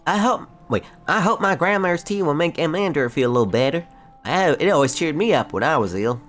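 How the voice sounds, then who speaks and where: A man voicing an excitable, hungry male village character from a fantasy game, reading his lines in a giddy, effusive way. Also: a little high, a little fast, faint music behind, voice pushed up. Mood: cheerful.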